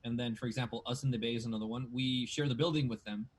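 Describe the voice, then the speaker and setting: A man with a Mexican Spanish accent talks in a loose, animated way, peppering his speech with casual slang. His voice sits at an ordinary pitch, and the delivery is relaxed podcast conversation rather than anything formal. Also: racing, breathy edge. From Tijuana, Mexico. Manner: animated, slangy, says dude and bro a lot. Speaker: guest, sports anchor. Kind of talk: casual chat.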